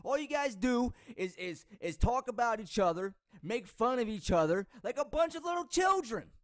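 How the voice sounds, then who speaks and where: A man's voice: very high-pitched, sing-song, normal speed, no echo, clean studio sound. A man giving a heated, frustrated rant as a vlogger, lecturing his viewers. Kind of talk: ranting video commentary.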